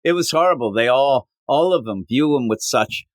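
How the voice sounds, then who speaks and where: A man co-hosting a comics podcast in casual chat, rambling and acting out characters' lines with sudden jumps in pitch. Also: expressive, normal speed, dry recording, studio quality. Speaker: podcast co-host.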